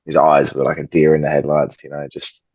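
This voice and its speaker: A man's voice: rumbling low, little pitch movement, fairly quick, darkish tone, husky, no room sound. A man co-hosting a football podcast, cheeky and mock-pompous, swearing freely. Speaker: podcast co-host. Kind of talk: casual sports podcast banter. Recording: dull lo-fi home mic.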